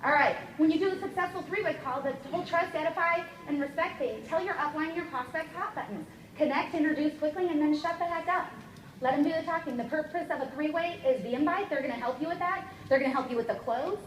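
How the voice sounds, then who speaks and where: A woman giving an energetic, emphatic motivational seminar talk as a sales trainer, constantly checking in with her listeners. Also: high voice, fast, slight background noise. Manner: energetic, emphatic, keeps checking in with "okay?" and "guys". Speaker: network marketing trainer. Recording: echoey room, voice from far off, faint ambience.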